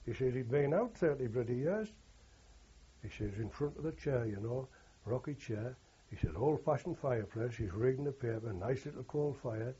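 A man's voice: mid-range voice, lively intonation, normal speed, dark tone, husky. An older man, a war veteran telling rambling oral history anecdotes and quoting others with "he says". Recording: dull lo-fi recording.

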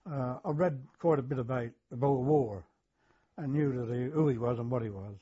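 An older war veteran recalling his service in an interview, hesitant, with many fillers, throat clearing and chuckles. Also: medium pitch, moderate pace, dark tone, muffled recording. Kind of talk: oral history recollection.

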